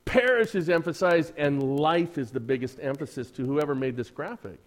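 A man's voice: a little high, moderate pace. Sarcastic male pastor preaching conversationally. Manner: conversational, rhetorical questions, dry sarcasm. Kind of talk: sermon. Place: church.

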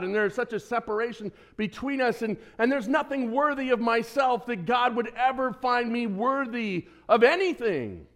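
A man preaching a sermon as pastor, lively and conversational, who quizzes the congregation and throws in joking asides. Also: very high-pitched. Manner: lively, asks the congregation questions, self-deprecating asides.

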